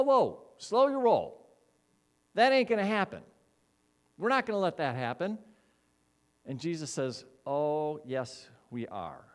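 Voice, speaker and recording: A man preaching a sermon as a minister, animated, acting out quoted voices and repeating key words. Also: a little high.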